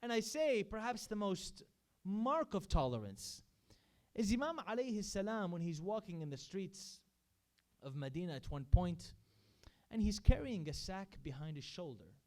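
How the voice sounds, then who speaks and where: A man delivers a sermon at a religious gathering, earnestly telling stories and quoting the people in them. His voice sits high and rings clean and resonant. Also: sing-song, moderate pace, a little mellow. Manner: earnest, recounts stories with quoted speech. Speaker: majlis speaker. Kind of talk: sermon storytelling. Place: religious center hall.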